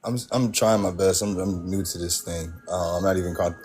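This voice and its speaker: A man from the United States speaking as a panel guest on a phone, hesitant and full of pauses. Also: low-pitched, flat delivery, darkish tone, soft background music. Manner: hesitant, full of ums, loses his train of thought.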